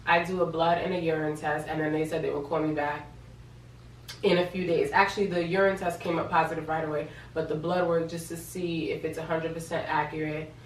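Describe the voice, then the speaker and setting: Young woman, pregnant, casual vlog storytelling, chatty and animated, slightly low voice, echoey room, distant mic. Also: a little fast, slight background noise. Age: young adult. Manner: chatty, animated retelling with quoted dialogue. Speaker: vlogger.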